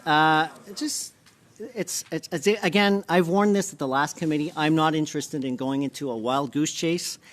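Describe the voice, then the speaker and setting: Exasperated man, fairly high voice. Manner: exasperated, mocking, breaks into laughter. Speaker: member of parliament on a committee. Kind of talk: heated committee debate. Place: parliamentary committee room.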